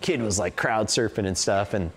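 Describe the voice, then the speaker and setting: In a casual interview, a man in his forties rambles through long stories, peppering them with "like" and "you know." His voice is lowish and his pace moderate, with slight background noise.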